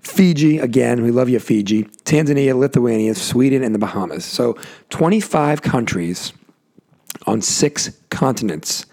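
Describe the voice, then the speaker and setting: A man's voice: mid-range voice, lively intonation, measured pace, vocal fry, a little mellow. A man hosting his own podcast alone, rambling casually with joking asides, his voice worn out and tired. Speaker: podcast host. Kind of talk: casual solo podcast monologue. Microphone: adjusting a desk mic himself.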